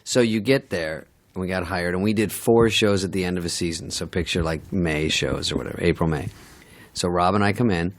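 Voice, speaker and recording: A middle-aged man with a fairly low voice, telling stories in a dry, wry, self-deprecating way. He is a guest comedian in a casual chat. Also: fairly quick. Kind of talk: casual storytelling with acted quotes.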